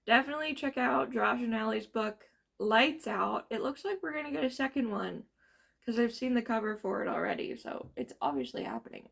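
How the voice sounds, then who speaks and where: A tired woman with a gravelly morning voice, chatting casually and gushing in a book review vlog. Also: fairly high pitch, fairly bright tone.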